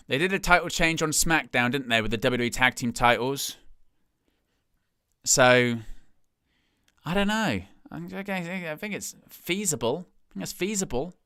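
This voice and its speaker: A man's voice: fairly high pitch, bright, forceful tone, clear, resonant tone, no echo, studio quality. A man hosting a live stream, giving casual watch-along commentary and thinking aloud as he talks.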